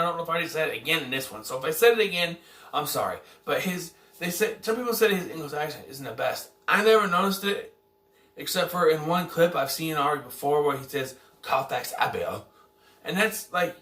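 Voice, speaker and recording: A man casually reviewing a film, rambling and correcting himself as he goes. His voice is bright and forward. He sounds set back from the mic in an echoey room. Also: fairly high pitch, recorded from a distance. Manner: rambling, self-correcting, unsure of details. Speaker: movie reviewer.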